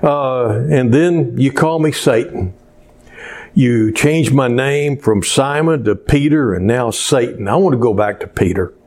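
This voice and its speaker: A man's voice: medium pitch, a little slow, a little mellow, close to an everyday voice. A preacher doing an eager, stammering male apostle. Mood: hurt. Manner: pleading, folksy, stammering. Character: eager impulsive male apostle, blunt and well-meaning.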